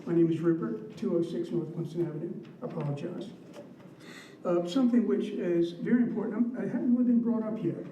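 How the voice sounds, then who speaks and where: A man's voice: sits high, brisk, dark tone, lo-fi sound. A man giving public comment at a city meeting, rambling and repeating himself with many fillers. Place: council meeting room. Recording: echoey room, distant mic, faint noise.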